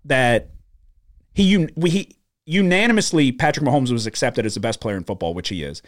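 A man's voice: medium pitch, expressive, brisk. A man co-hosting a sports betting podcast from a studio, ranting in heated, profane casual talk. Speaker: podcast co-host.

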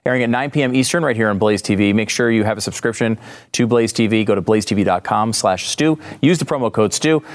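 A man's voice: fairly low pitch, quick pace. A man hosting a talk show, chatting casually with jokey, sarcastic asides. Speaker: podcast host.

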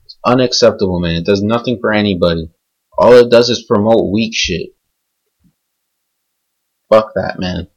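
A man's voice: on the low side, moderate pace, long pauses, highs cut off. A young man hosting a podcast, ranting angrily and unscripted, swearing heavily and rambling from point to point. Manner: furious, profane, rambling. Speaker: podcast host. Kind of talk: angry unscripted podcast rant.

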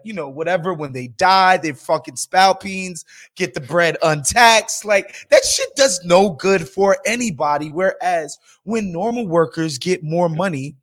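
A man co-hosting a podcast, talking in an animated, profane, emphatic way about the economy. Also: fairly high pitch. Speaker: podcast co-host. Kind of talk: casual political chat.

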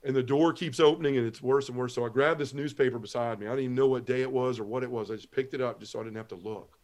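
Rapid-fire and fairly even in intonation, this middle-aged man's mid-range voice carries a darkish tone. On a talk show, as a podcast interview guest, he recounts an earnest personal testimony step by step, peppered with Southern turns of phrase and acted-out quotes from others.

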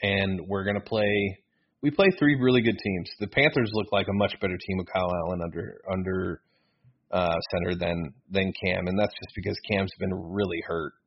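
A man with a lowish voice chats casually as a sports podcast co-host. He rambles, gets excited and corrects himself as he goes. The audio is muffled and lo-fi. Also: normal speed, slightly rough.

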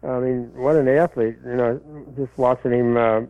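A man's voice: mid-range voice, steady tone, no room sound. Rambling man on a tinny phone line. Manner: rambling and halting, full of fillers and restarts. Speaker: college football analyst. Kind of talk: casual sports chat answering listener questions.

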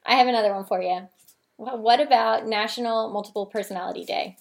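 A woman's voice: fairly high pitch, fast, vocal fry. A woman co-hosting a comedy podcast in casual banter, playful and giggly, with a self-assured streak. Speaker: podcast co-host.

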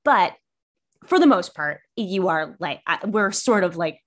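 A woman's voice: lowish voice, expressive, a little slow. Giggly, rambling woman guest. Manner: self-deprecating, giggly and rambling. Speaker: podcast guest. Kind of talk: casual chat.

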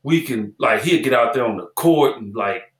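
A man in his sixties, a former basketball player, tells animated stories in an interview, acting out the dialogue and repeating phrases. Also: medium pitch, normal speed. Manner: animated storyteller who acts out quoted dialogue and repeats phrases. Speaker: former basketball player and analyst as podcast guest. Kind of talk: storytelling interview chat. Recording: roomy echoey room.

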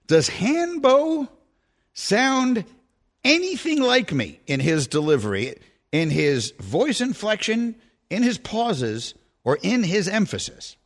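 Male sports radio host, higher voice, lively pitch, wry studio banter. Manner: animated, wry, speaks in lists with rhetorical pauses.

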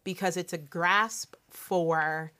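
Low voiced young woman, casual chat, thoughtful, laughs a lot. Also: steady tone, slow pace, sharp tone. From Delaware, US. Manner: reflective, laughs often. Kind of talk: casual conversation.

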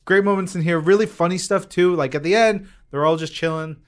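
An enthusiastic man co-hosting a casual podcast, his voice sitting a touch high. He tells stories with lively energy. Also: fairly quick. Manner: enthusiastic, animated storytelling. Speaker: podcast co-host reviewing comics. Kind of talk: casual chat.

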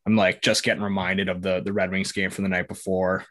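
A man's voice: deep voice, level tone, brisk, fairly bright tone. Rambling man hosting a hockey podcast. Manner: rambling, joking, lots of fillers. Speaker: podcast host. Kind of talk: casual sports podcast chat.

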